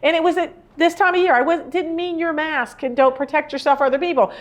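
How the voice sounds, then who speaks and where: A woman's voice: high voice, fairly even intonation, quick pace. A woman in her sixties giving a live talk on grief, speaking in an earnest, rambling, conversational way. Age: 60s. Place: indoor room with a live audience.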